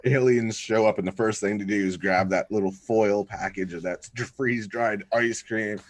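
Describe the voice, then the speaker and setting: A man's voice: fairly low pitch, steady tone, moderate pace. A man as a podcast guest, joking, swearing and laughing often in casual chat.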